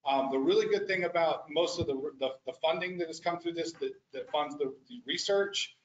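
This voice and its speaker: In a meeting room, a man who works as a restoration practitioner rambles through a casual board meeting presentation, with many restarts. He speaks brisk and fairly high, and the recording is echoey and muffled.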